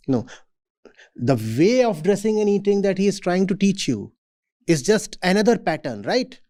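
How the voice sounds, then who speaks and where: A man lecturing students in a measured, emphatic way and often asking rhetorical questions. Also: high voice, big pitch swings, warm tone. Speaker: spiritual teacher. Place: university event hall.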